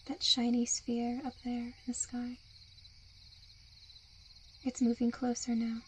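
A woman in a whispered role-play, with a soft, soothing and coaxing hypnotic murmur. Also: on the high side, completely flat delivery, slow, a little hiss or hum. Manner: seductive, coaxing.

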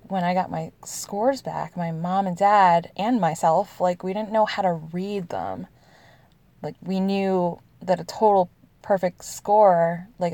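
Woman, thirties, confessional storytelling, mellow dark tone, fry in the voice, laughs often. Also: on the low side, dry recording. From United States. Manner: chatty, laughs often, heavy use of "like". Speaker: storyteller answering questions.

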